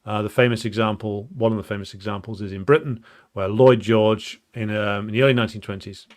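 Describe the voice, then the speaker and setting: A man's voice: lowish voice, steady tone, a little fast. Man explaining history off the cuff. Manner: thinks aloud with frequent ums and restarts; blunt, emphatic. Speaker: political commentator. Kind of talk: unscripted explanatory talk on political history.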